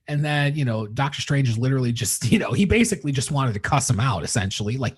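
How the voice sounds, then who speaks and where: A man's voice: mid-range voice, expressive, moderate pace, slightly rough. A young man hosting his podcast, casually retelling a film scene by scene, swearing constantly and getting emotional as he rambles. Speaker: podcast host reviewing a film. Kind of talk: casual spoiler review monologue.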